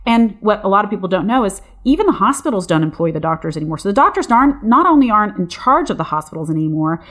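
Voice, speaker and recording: A woman's voice: mid-range voice, very animated, fast talker. A middle-aged woman, a nurse, talking passionately and with some frustration in a casual chat, often restarting her sentences.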